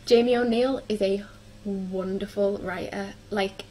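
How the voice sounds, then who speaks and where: A woman's voice: mid-range voice, fairly even intonation, measured pace, dark tone, a little hiss or hum, poor audio. A young woman chatting casually through her book reviews, with frequent ums and likes. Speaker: book vlogger.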